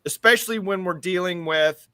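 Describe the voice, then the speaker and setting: A man's voice: high voice, moderate pace, sharp tone, clean tone, dry recording. A man from the US co-hosting a casual talk show, rambling and repeating words as he thinks aloud. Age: adult with school-age kids. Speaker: show co-host.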